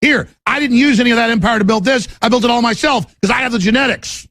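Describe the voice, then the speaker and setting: A man's voice: very high voice, quick pace, sharp tone, no echo. A man from Texas hosting a talk show, ranting in a fiery, rambling and repetitive monologue.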